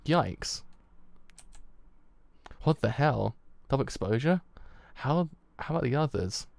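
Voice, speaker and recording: Gravelly young man reacting, swearing. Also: mid-range voice, slow pace, long pauses, no room sound. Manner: excitable, swears freely, stumbles over words. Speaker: streamer. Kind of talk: live reaction commentary.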